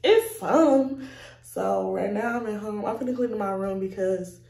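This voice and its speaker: A young woman chats loosely into a phone at arm's length, her voice mellow and relaxed. She talks in a slangy, easygoing vlog style. The room is echoey, with faint noise in the background. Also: medium pitch, moderate pace, creaky. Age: young adult. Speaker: vlogger. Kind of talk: casual vlog talk. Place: home, indoors. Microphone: phone camera held at arm's length.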